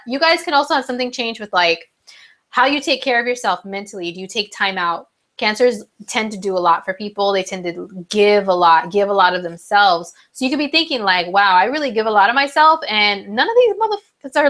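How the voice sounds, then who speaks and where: A young woman giving live horoscopes in a loose, chatty way, full of fillers and playful asides. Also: pushed and bright. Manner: chatty, frequent fillers, playful asides, mimics friends in higher voices. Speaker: astrology host. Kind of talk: casual live horoscope talk.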